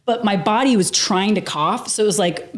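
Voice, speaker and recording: Animated woman telling a vivid story. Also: mid-range voice, moderate pace. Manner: animated, vivid storytelling with frequent laughs and casual swearing. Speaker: podcast guest. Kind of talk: telling a personal story in a casual interview.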